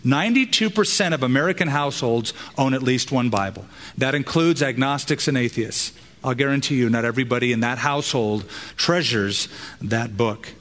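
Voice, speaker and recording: A man's voice: medium pitch, a bit bright. Emphatic preaching man, echoing hall. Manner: emphatic preaching with dramatic pauses. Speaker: pastor. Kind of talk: sermon. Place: church auditorium. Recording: long hall reverb.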